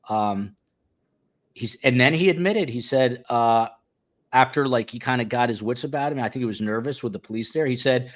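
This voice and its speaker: A man's voice: medium pitch, a little fast. A man hosting a live stream, reading viewer comments aloud and talking them over in a loose, casual way with many fillers. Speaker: host.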